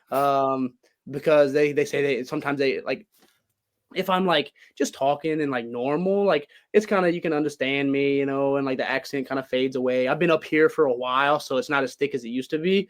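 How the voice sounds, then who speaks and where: A pro wrestler from Louisiana, with an accent mixing north Louisiana and Cajun, guests on a casual podcast interview from his home. His medium-pitched voice is clear and resonant as he tells rambling, animated stories full of fillers.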